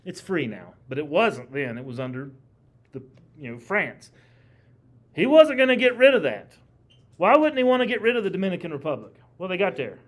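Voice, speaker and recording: High-voiced male history teacher. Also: very animated, moderate pace. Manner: casual, chatty, quizzes the class with questions. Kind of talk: classroom lecture. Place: classroom.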